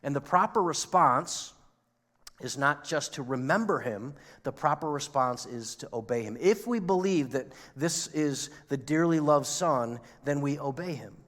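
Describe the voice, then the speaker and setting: Pastor preaching in a reverberant church. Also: male voice, fairly high pitch, animated, a little slow, a bit bright. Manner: conversational preaching with rhetorical questions. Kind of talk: sermon. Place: church sanctuary.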